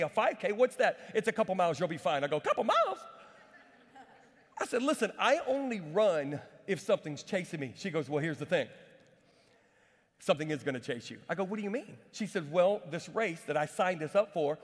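A man preaching a sermon as pastor, telling stories with lively repeats and asides to the congregation. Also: high-pitched. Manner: energetic storytelling with repetitions and asides. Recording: long hall reverb.

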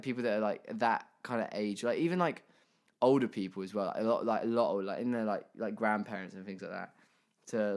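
A man, co-hosting a casual podcast and telling stories in a rambling way full of fillers and restarts. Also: lowish voice. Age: 20s. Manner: rambling, filler-heavy storytelling with many restarts. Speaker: podcast co-host. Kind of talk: casual chat.

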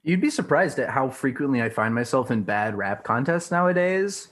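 Playful young man, mid pitch. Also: animated, fairly bright tone. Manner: playful, self-mocking, quick to laugh. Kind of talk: casual podcast chat.

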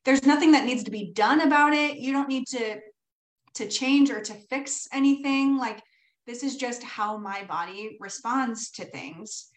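A woman's voice: on the high side, measured pace, roomy sound, low-quality recording. A woman hosting a podcast in casual chat, candid, swearing freely and laughing often. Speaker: podcast host.

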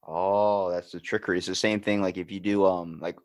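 A man's voice: low voice, level tone, fairly quick, dry recording. A man hosting a podcast in casual chat, telling stories animatedly, acting out the people he quotes, and swearing casually. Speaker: podcast host.

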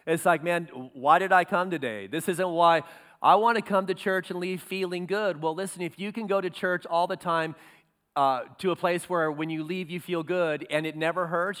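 Pastor guy preaching, smooth resonant voice, a bit high, gets loud and emphatic. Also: moderate pace, big-room sound. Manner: earnest preaching, rising to emphatic peaks. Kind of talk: sermon.

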